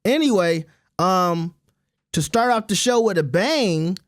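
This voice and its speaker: A man with a fairly high voice delivers blunt, opinionated commentary on his own channel. The sound is close and dead dry, with no room around it. He talks casually, like he's ranting to friends. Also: expressive, slow, no room sound.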